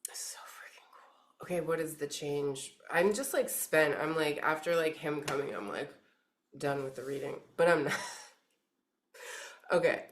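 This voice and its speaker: A woman's voice: low-pitched, moderate pace, long pauses. A woman giving a casual spiritual reading to camera, rambling and gushing, filling her talk with "like" and "freaking" as she urges the listener on. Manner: emphatic, urging the listener. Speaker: intuitive card reader.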